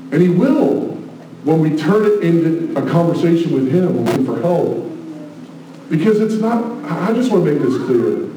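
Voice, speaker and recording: A man preaching a sermon, passionate, moving between hushed asides and loud exclamations. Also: on the high side, lively intonation, normal speed, a little hiss or hum. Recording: very echoey room, mic at a distance.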